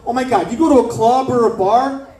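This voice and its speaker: A man from South Florida doing stand-up, his voice sitting high and bright above the usual male range. He rattles off brash, profane riffs with quick asides to the crowd. The sound is roomy and caught from a mic some distance off on a club stage. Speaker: stand-up comedian. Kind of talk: stand-up set.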